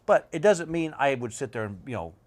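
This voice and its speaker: A man's voice: medium pitch, very animated, brisk. Drawling middle-aged man telling stories. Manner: drawling, rambling storyteller with restarts. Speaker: comedian guest. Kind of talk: casual chat. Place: bedroom set.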